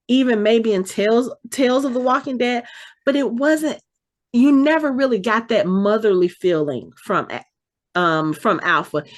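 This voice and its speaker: A woman co-hosting a podcast, animatedly recapping an episode in casual chat and acting out the characters' lines as she goes. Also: on the high side. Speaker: podcast co-host.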